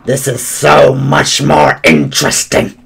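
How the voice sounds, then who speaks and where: A young man streaming a game, joking and reacting in a goofy, excitable way. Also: mid-range voice, slow, vocal fry, slightly rough. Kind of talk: gameplay commentary.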